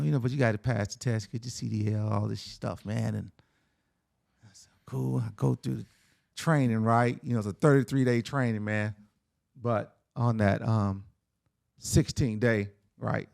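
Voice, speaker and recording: Gravelly-voiced man telling a story. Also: lowish voice, fairly even intonation, normal speed, a little mellow, no room sound, studio quality. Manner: conversational, says "man" and "right?" often. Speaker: podcast guest. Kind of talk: casual storytelling.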